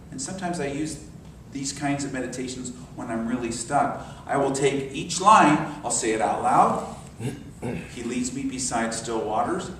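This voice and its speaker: Guy in his 60s preaching, goes soft and meditative, big echoey hall. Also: medium pitch, slight background noise. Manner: storytelling, dropping to soft meditative tones. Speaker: minister. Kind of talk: sermon. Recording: very echoey hall, mic far off.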